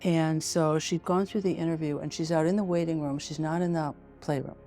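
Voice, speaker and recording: Gravelly-voiced woman telling a story. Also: sits low, steady tone, brisk, warm tone, faint music behind. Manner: vivid anecdotal storytelling, acting out quotes. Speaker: forensic pediatrician guest. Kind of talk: storytelling in a podcast interview.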